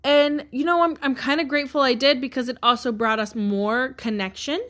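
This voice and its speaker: A woman in her thirties talking earnestly and haltingly about loss and gratitude, emotional at times. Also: high voice, fairly even intonation, fairly bright tone. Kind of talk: personal reflective monologue.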